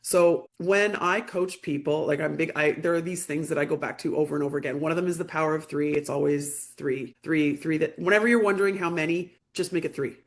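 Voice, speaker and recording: A woman's voice: deep voice, fairly quick, few pauses. A woman communication coach giving a conversational group talk over a video call, telling stories with lots of quoted back-and-forth. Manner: conversational, tells stories with lively quoted dialogue.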